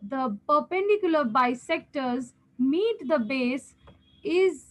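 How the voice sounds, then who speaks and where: A woman's voice: high-pitched, a little slow, a bit bright, rough recording. A woman with an Indian English accent, teaching a geometry lesson step by step, patiently repeating key steps and checking in with her students. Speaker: maths teacher.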